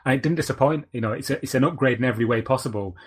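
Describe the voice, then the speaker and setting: Brief: podcast host, man, husky tone, easygoing rambling chat. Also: medium pitch, very fast. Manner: rambling, searches for words, many fillers.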